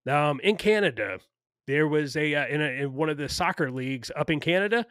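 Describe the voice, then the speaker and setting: Bright-voiced ranting man. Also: on the high side, expressive, fairly quick, no echo, clean studio sound. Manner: ranting, profane, many fillers. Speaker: podcast co-host. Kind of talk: casual opinionated chat.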